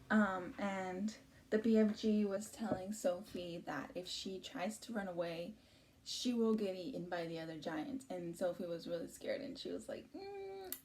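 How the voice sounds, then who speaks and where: A woman's voice: mid-range voice, warm tone, a little hiss or hum. A woman teacher reading a storybook chapter aloud to her students, chatting between passages with many ums and likes.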